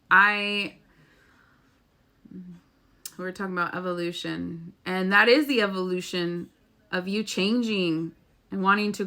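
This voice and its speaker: A woman's voice: fairly low pitch, pushed and bright. A woman talking earnestly and emotionally to her viewers in a casual spiritual vlog, rambling and swearing now and then. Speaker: spiritual vlogger. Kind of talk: heartfelt casual monologue.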